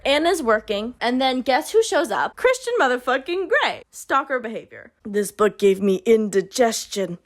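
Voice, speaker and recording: A young woman hosting a book club, giving a comedic recap with sarcastic, playful asides. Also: on the high side.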